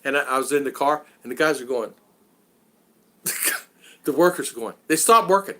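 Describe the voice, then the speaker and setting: A man's voice: mid-range voice, expressive, normal speed, fairly bright tone. A man hosting a casual live stream, rambling and chuckling, with many fillers.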